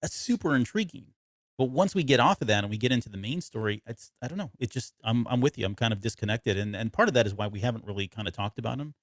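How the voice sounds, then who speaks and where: A man's voice: mid-range voice, lively intonation, fast, no echo, studio quality. A man co-hosting a podcast in casual chat, rambling and self-interrupting, often laughing. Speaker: podcast co-host.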